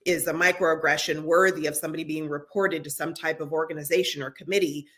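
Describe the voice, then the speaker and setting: A woman's voice: low-pitched, fairly even intonation, fast talker, fairly bright tone. A middle-aged woman co-hosting a podcast, talking earnestly in casual conversation with frequent restarts. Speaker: podcast co-host.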